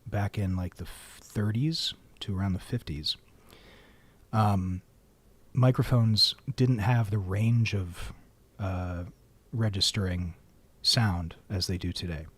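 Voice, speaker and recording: Low-voiced man chatting on stream. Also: slow pace, slightly rough. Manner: rambling, wry, filling dead air. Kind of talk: casual livestream chat. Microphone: studio mic.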